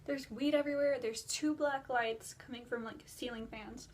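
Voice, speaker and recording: A teenage girl vlogger telling a dream story in casual, rambling chat, filler-heavy and animated. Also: fairly high pitch, normal speed, a little hiss or hum. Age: teens. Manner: breathless and animated while retelling a dream.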